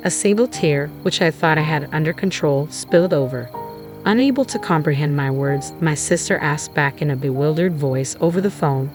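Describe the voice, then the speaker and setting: A woman tells a first-person dramatic story in a measured, grave tone over background music. Her voice is low-pitched.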